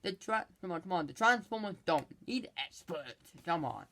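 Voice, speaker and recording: A movie reviewer casually recapping a film, rambling and halting, with many restarts and exasperated asides. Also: medium pitch, big pitch swings, fairly bright tone.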